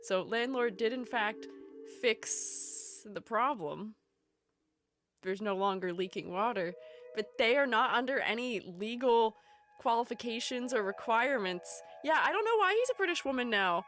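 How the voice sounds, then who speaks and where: A woman's voice: a little high, expressive, unhurried, fairly bright tone, soft background music. A young woman chatting casually on her live stream, rambling and playful, often breaking into giggles. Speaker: streamer and art educator.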